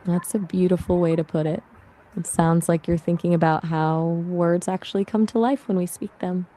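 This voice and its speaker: A woman's voice: on the low side, fairly even intonation, normal speed, warm tone. A woman's voice as an AI voice assistant, chatting casually and friendly, answering questions and asking questions back.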